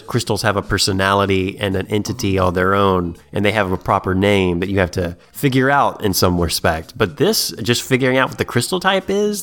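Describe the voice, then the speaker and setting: A man co-hosting a casual chat, rambling excitably and swearing freely. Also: lowish voice. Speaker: podcast co-host.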